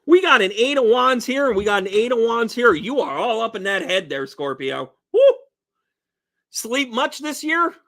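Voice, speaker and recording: High-voiced, exuberant male tarot reader. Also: lively intonation, fairly quick, gravelly, hardly any pauses, bright, forceful tone. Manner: exuberant, joking, blunt, swears casually. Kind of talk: casual tarot reading video.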